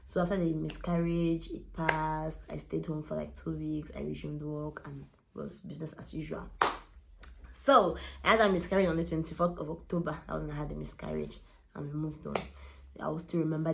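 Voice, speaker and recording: A woman's voice: low voice, gravelly, background noise. A young woman, candidly telling a personal story as a vlogger. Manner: candid, emotional, retelling with quoted dialogue.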